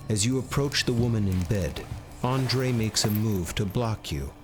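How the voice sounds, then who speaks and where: Low-voiced male story narrator. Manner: measured, second-person storytelling. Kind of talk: scripted narration.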